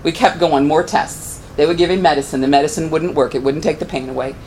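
A woman's voice: steady tone, fast, a little mellow, a little hiss or hum, poor audio. A middle-aged woman giving a personal testimony in church, telling her story earnestly. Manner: earnest storytelling, pitch rising when moved.

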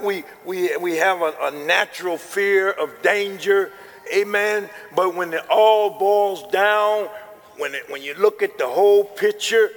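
Male preacher, high gravelly voice, long church reverb; sermon, amens, climbs to shouts. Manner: emphatic, punctuated with frequent amens, building to shouts.

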